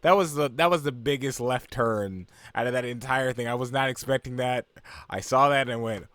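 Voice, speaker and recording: A man's voice: mid-range voice, normal speed, fairly bright tone, dry recording. A young man casually recapping an anime episode, rambling with lots of fillers and asides. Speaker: anime reviewer.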